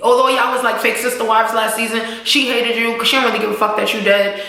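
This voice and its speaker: A woman's voice: on the high side, fast. A young woman vlogger recapping a TV episode in casual, slangy talk, acting out the characters' lines as she goes. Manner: animated, acts out characters' lines while recapping; slangy, swears freely. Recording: very echoey room.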